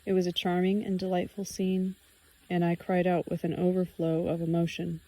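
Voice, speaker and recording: A woman narrating a first-person audiobook in a calm, even storytelling manner. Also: fairly low pitch, moderate pace, rough recording.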